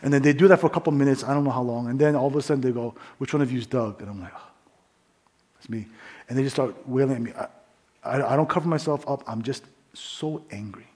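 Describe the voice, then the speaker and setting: A middle-aged man from New York tells his story as a sermon testimony, often dropping to quiet asides. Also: mid-range voice, fast, breathy edge.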